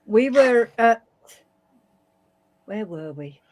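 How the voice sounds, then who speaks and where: A woman's voice: fairly high pitch, extremely slow. Storytelling British woman co-host. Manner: storytelling, quoting herself and others with lively voices. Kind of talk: casual anecdote telling.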